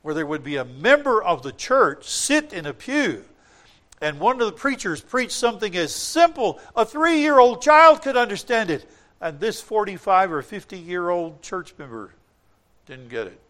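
Delivering a sermon, an older man recounts his own testimony with earnest conviction, rising to forceful points and falling back to hushed asides. He speaks in a high register, very animated, at an unhurried pace.

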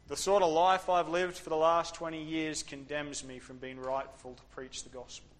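A man with a high voice preaches in a church hall, and his words ring out with a long reverb. He moves between playful banter with his listeners and quiet, earnest passages. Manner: playful, drops to soft earnest tones. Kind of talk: informal sermon with a youth group.

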